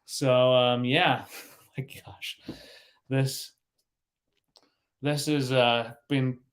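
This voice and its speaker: A man with a medium-pitched, flat voice speaks very slowly while hosting a casual livestream. He giggles and laughs often, stumbling over his words as he reads the chat and breaking off mid-sentence.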